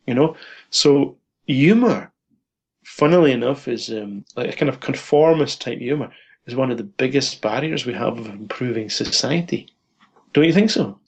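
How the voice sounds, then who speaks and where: Husky guy being interviewed on a podcast, laughs a lot, jokey chat. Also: medium pitch, a little fast. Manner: jokey, laughs often while talking. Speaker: podcast guest. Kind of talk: casual conversational interview.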